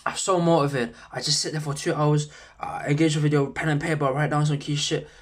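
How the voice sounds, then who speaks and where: Young dude vlogging, rambly and slangy, swears a lot. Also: male voice, on the high side, level tone, a little fast. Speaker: YouTuber. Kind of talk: casual self-improvement vlog.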